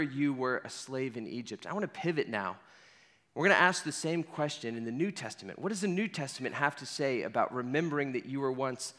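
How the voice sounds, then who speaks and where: A man's voice: on the high side, a bit bright. A man preaching a sermon, guiding listeners through a scene in the second person and repeating key phrases for emphasis. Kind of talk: sermon with guided imaginative storytelling. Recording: long hall reverb.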